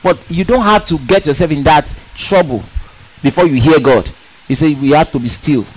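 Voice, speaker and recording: A male preacher with a fairly high voice delivers a sermon with great emphasis. He asks rhetorical questions, repeats words to drive his point home, and swings his delivery up and down. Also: normal speed, poor audio.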